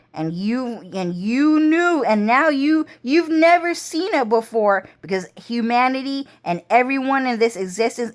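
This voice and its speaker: Swearing freely, a female vlogger goes off on an intense, meandering rant, her delivery swinging between highs and lows in both pitch and speed.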